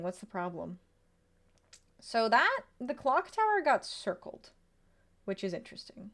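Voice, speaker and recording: A young woman streaming a horror game, chatting casually with viewers, greeting them and reading chat, with sudden excited outbursts between quiet mutters. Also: mid-range voice, slight background noise.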